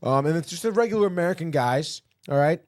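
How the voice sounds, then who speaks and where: A fast-talking man with a slightly high voice hosts a podcast and animatedly retells a TV episode in a casual recap. He drops the characters' quips himself and swears often, recorded in clean studio sound with no echo.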